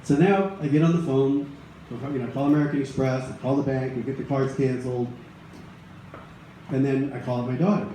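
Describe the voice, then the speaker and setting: A man's voice: medium pitch, fairly even intonation, fairly quick, mellow. A middle-aged man telling a personal story to a live audience in a conversational, rambling way, with many restarts and asides. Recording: very echoey room, faint ambient noise.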